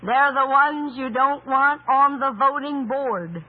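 A man preaching a sermon in an emphatic storytelling style, with rhetorical questions, and raising his voice to a shout for stress. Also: very high voice, slow. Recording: tinny phone-like sound.

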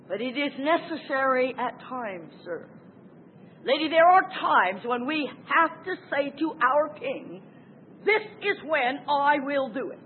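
A woman preaching a sermon, emphatic, swinging from loud exclamations to hushed asides. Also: a little high. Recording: tinny phone-like sound with faint noise.

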